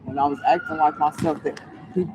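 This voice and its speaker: A woman's voice: low-pitched, steady tone, a little fast. A woman on a live stream, rambling loosely and talking straight to her viewers through a phone mic. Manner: rambling, scattered, talks to viewers. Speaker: livestreamer. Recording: loud background noise.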